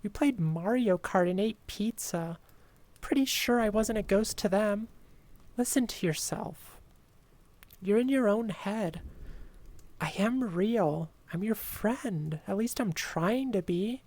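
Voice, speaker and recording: A woman voicing a frightened young female neighbor who pleads and shouts in a creepy story read aloud. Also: mid-range voice, animated, takes it slowly. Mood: upset, pleading. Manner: pleading, upset, rising to shouts.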